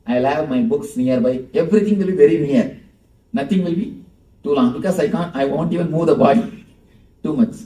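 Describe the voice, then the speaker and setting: A man's voice: fairly high pitch, fairly quick, warm tone. A man giving a live spiritual talk as teacher, playful and chuckling, talking back and forth with his audience. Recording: roomy echo, distant mic.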